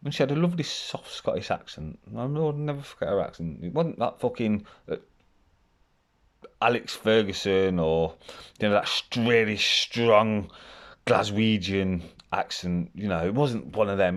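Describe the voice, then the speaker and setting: A deep-voiced man recounts his past in a loose, rambling monologue. He is blunt and candid, and he swears constantly as he talks. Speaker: vlogger telling his life story. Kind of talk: casual storytelling.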